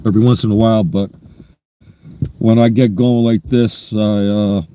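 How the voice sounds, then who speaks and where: A man's voice: on the low side, steady tone, moderate pace, mellow, no room sound. A man in his sixties with a New York accent, telling stories in a rambling, down-to-earth way during a casual livestream. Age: 60s. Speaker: livestream host.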